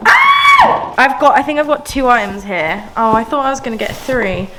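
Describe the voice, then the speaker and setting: A young woman chatting casually to camera as an unboxing vlogger, excitable and frank with her opinions. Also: fairly high pitch, a little fast, heavy background noise. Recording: roomy echoey room.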